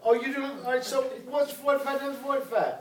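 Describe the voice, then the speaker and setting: A man's voice: very high voice, fairly even intonation, a little fast, crowd noise. Commanding male teacher. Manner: commanding, drills students call-and-response. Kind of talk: classroom teaching. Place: classroom. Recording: echoey room, voice from far off.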